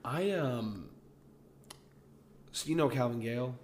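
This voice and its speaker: A man's voice: medium pitch, slow pace, a little hiss or hum. A young man from the American South with a Southern accent, chatting casually and telling stories with lots of "like" fillers. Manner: relaxed storytelling with frequent "like" fillers. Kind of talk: casual chat.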